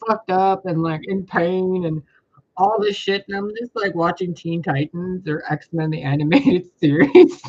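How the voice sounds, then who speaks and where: Husky-voiced man telling a profane story. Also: high voice, a little slow, dull audio. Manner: animated, profane, laughs often mid-story. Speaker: spiritual vlogger. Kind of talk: casual storytelling to camera.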